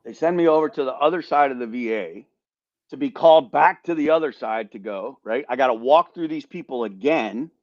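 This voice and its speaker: A man on a podcast telling a story in a casual, animated way, swearing and repeating words as he goes. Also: medium pitch, a little fast, no echo, muffled recording. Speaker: podcast host, veteran.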